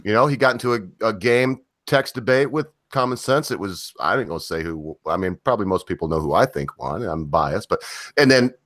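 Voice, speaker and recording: A man's voice: on the low side, a little fast. A man in a casual online chat, telling stories animatedly and acting out what others said. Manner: animated storyteller, acts out quotes. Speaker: panel guest.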